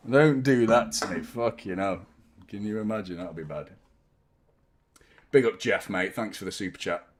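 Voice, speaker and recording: Excitable football fan. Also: male voice, medium pitch. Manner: excitable, swearing, chanting along. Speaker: fan channel host. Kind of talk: live football watchalong commentary.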